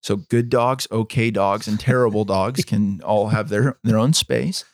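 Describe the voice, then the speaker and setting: A man co-hosting a podcast, telling a story in a measured, dramatic way. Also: fairly low pitch, no room sound, clean studio sound. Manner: measured, dramatic storytelling, acts out quoted voices. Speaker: podcast co-host. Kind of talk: storytelling in casual chat.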